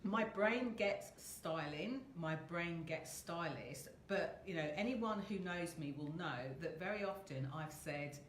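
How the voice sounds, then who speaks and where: A woman's voice: lowish voice, measured pace, few pauses, reverberant, a little hiss or hum. A woman hosting a casual live video chat from a hotel room, chatty and rambling, laughing often. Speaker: host.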